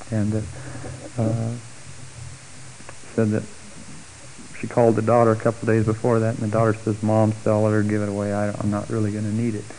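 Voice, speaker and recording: A middle-aged man telling a personal testimony story, acting out the voices of the people in it with big jumps in pitch. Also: slight background noise, low-quality recording. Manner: animated, acts out quoted speech with big pitch jumps.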